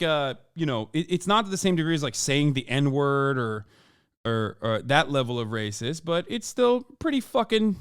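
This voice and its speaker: A man's voice: medium pitch, clear, resonant tone, no room sound. A man streaming, reacting to a video with profane, sarcastic, heated commentary from home on a close desk mic.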